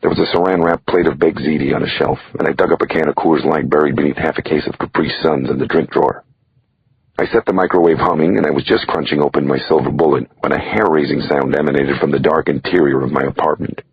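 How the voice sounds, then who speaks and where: A man narrates a thriller audiobook in a wry first-person voice that sits extremely deep. His tone is gravelly and heavily husky. The recording is dry and a little dull, like lo-fi audio. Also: steady tone, fast.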